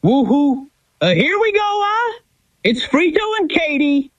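An AI doing a high cheery cartoon man. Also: big pitch swings, a little slow, no room sound, dull audio. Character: cartoon man attempting an accent, cheery AI clone. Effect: AI voice clone.

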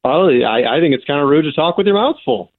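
A man's voice: on the high side, expressive, quick pace. A man on the phone with a radio show, stubbornly defending his views. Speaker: caller. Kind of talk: phone call on air. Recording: tinny phone line.

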